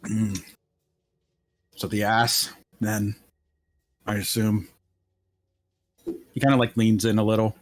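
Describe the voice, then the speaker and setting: A man's voice: on the low side, flat delivery, slow, long pauses. A man playing a tabletop role-play game, talking in and out of character in a crude, rambling way full of laughs and fillers. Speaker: player.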